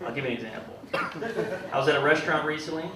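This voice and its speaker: A man in his twenties doing a stand-up comedy set with a wry, deadpan delivery, stumbling over quick restarts. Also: on the high side, distant mic. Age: 20s. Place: comedy club stage. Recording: echoey club heard from afar with loud room noise. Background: audience laughter.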